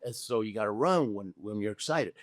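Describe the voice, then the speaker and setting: A man's voice: fairly low pitch, a little fast, no echo. An older man from Argentina tells his story in an interview with lots of energy. He acts out both sides of conversations and keeps asking "okay?" and "right?". The recording is close and dry, with no room sound. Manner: animated storyteller, acts out dialogue, frequent "okay?" tag questions. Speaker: guest, Olympic luge athlete.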